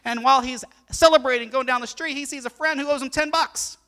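A man preaching a sermon as pastor, animated and acting out the story as he goes. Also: very high-pitched, fast. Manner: animated, acts out the story in voices.

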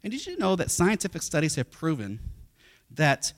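A man's voice: a little high, huge pitch swings, normal speed. A middle-aged man, a pastor, preaching a sermon through family stories, acting out what people say. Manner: storytelling, acts out quotes, repeats words.

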